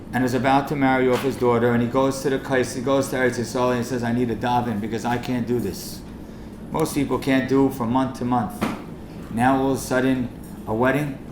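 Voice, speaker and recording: A rabbi telling a story and then pleading passionately with the room at a fundraising event. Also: male voice, medium pitch. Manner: impassioned, rising to urgent pleading. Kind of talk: storytelling speech and charity appeal. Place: event hall. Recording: echoey hall with faint noise.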